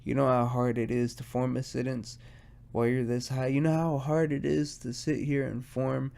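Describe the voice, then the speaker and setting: A stoned man talks alone on his podcast with a gravelly voice that sits at an ordinary pitch. He rambles from one thought to the next, swears freely and keeps making fun of himself. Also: flat delivery, moderate pace, warm tone. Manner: rambling, profane and self-mocking. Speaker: podcast host. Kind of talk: casual solo podcast monologue.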